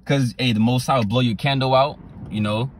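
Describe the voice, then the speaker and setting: A man preaching a sermon, repeating his phrases and reading scripture verses slowly and deliberately. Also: mid-range voice, fairly even intonation, a little hiss or hum. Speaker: street preacher.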